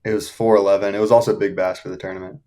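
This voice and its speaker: A young man from the Shenandoah Valley, a podcast guest telling fishing stories in a casual, excited way, often laughing as he talks. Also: on the low side, racing. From Shenandoah Valley, Virginia. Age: young adult. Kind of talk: casual storytelling.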